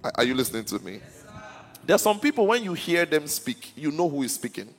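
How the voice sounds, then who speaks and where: A man's voice: fairly high pitch, big pitch swings, brisk, big-room sound, soft background music. A man pastor preaching a sermon in a church, often stuttering on restarts and asking the congregation if they are listening. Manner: stammers and restarts words.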